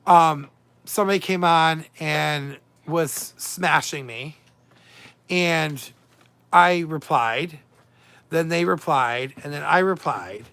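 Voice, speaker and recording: A man's voice: on the high side, takes it slowly, vocal fry, sharp tone, smooth, dry recording. A man hosting a casual livestream, chatty and emotional, swinging between moods as he reads and answers his viewers' comments. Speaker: livestream host.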